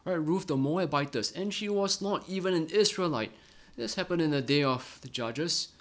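A middle-aged man preaching a Bible-study sermon in an earnest way, often ending phrases with a quick "right?". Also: fairly high pitch, expressive, fairly bright tone. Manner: earnest, ends many phrases with a tag question "right?".

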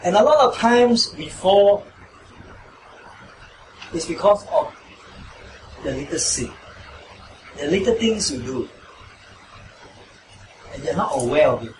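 A man's voice: high voice, expressive, slow pace, pauses often. A man preaching a sermon and leading a closing prayer, emphatic and repetitive, often checking with listeners. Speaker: pastor. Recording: echoey room, mic at a distance, noisy.

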